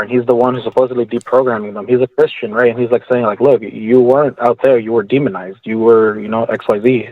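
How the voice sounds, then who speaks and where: A male caller on a call-in show, talking in a rambling, halting way full of fillers. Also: mid-range voice, no echo. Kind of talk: casual phone call. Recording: tinny phone line.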